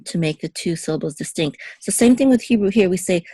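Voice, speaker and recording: A woman with a somewhat low voice leads a patient, step-by-step language lesson. She says each word slowly, repeats it to set the right way against the wrong one, and checks in with the listener often. The sound is dry and close, with no room around it. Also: dark tone, no room sound. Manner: repeats words slowly to contrast pronunciations, frequent "okay?" checks. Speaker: Hebrew teacher.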